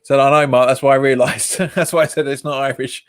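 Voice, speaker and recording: A man's voice: mid-range voice, steady tone, fairly quick, clean tone, no echo, studio quality. A man hosting a live football watch-along stream, reacting to the match, reading out viewer comments and laughing often. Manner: reads viewer comments aloud and answers them, laughs often. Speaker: fan channel host.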